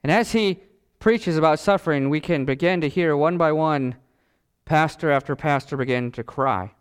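A middle-aged male pastor preaching a sermon dramatically, with long pauses and big swings in pitch. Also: smooth.

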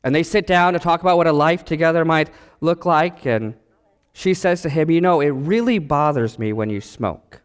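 A man preaching a sermon as pastor, animated and acting out the voices in his stories. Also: fairly high pitch, moderate pace, clean tone, in a large hall.

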